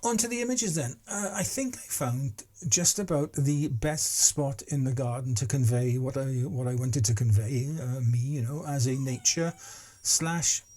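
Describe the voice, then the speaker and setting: A man's voice: medium pitch, a little slow, few pauses, a little mellow. A man in his sixties chatting casually to camera as a vlogger, rambling and self-deprecating. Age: 60s.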